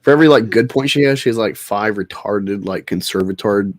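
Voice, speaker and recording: A blunt, opinionated man hosting a podcast in casual chat, ranting crudely. His voice sits somewhat low. The sound is dry and close to the mic. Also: fairly quick, no echo. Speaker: podcast host.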